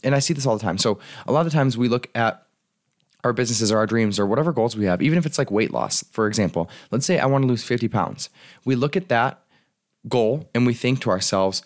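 A man's voice: mid-range voice, fast. A male coach talking through a solo podcast monologue, casual and earnest, with the odd swear word. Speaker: life and business coach.

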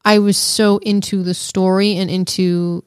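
A woman's voice: medium pitch, flat delivery, a little slow, clean tone, no room sound, clean studio sound. A woman co-hosting a casual film review podcast, thoughtful and teasing, often restarting her sentences. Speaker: podcast co-host.

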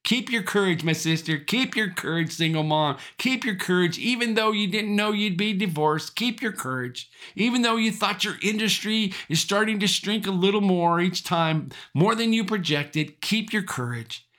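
A male pastor delivering a sermon in a high, bright register. His pitch swings widely as he drives home repeated encouragements. The delivery is emphatic, with the odd chuckle along the way. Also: animated, normal speed, hardly any pauses. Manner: emphatic, repeating rallying phrases.

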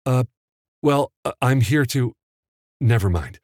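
A man's voice: mid-range voice, lively intonation, slow pace, darkish tone, no echo, studio quality, voice pushed up. A man voicing an earnest, nervous young film editor in an audiobook, hesitant and stammering. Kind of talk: audiobook character voice.

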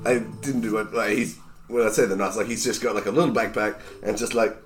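A man in casual chat at a tabletop game table, describing his character with excitement. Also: lowish voice, fairly quick, soft background music. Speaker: player.

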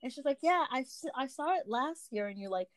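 Young woman, somewhat high voice, hesitant and searching, dry recording. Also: expressive, a little fast, no room sound. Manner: searching, hesitant, full of restarts. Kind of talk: casual chat.

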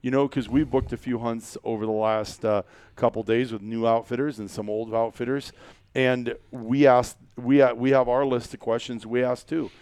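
Rambling, jokey man with a smooth voice. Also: medium pitch, fairly even intonation, moderate pace, a little mellow, no echo. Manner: rambling, jokey, many fillers and restarts. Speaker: podcast host. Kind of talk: casual chat.

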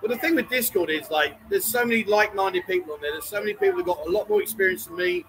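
A man's voice: high voice, big pitch swings, fast, creaky, a bit bright, a little hiss or hum, poor audio. A man hosting a casual live stream from a bar, teasing his co-host and reading out viewer comments. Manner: teasing banter, reads viewer comments aloud.

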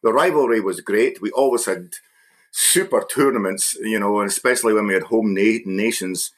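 A man chatting as a guest, reminiscing in a halting way with many repeated words. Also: lowish voice. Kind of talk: casual conversation.

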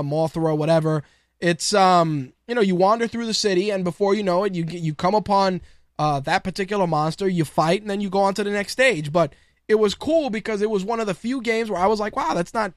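A man's voice: high-pitched, no echo, studio quality. A man hosting his own podcast in casual solo talk, rambling, laughing often and swearing freely. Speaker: podcast host.

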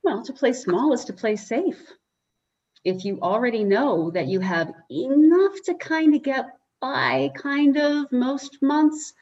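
A woman's voice: a little high, darkish tone. A woman talking reflectively in a casual discussion, with loose, conversational phrasing. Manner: reflective, conversational, uses hedging fillers. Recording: slightly muffled lo-fi audio.

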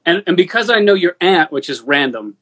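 A man with a slightly high voice hosts a loose podcast conversation. He talks freely, restarts his sentences and swears in passing. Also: very animated, brisk, pushed and bright, husky. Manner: talkative, swears casually, many restarts. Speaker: music producer, podcast host. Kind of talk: casual podcast chat.

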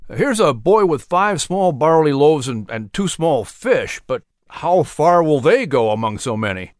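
A man's voice: a little high, very animated, unhurried, no echo, studio quality. A man voicing a keen, friendly young disciple in a storybook reading. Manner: eager, urging. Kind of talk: storybook narration.

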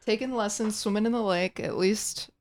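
A cheerful woman chatting as a guest on a podcast. She sounds enthusiastic and speaks at an ordinary pitch. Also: fairly even intonation, normal speed. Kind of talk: casual podcast chat.

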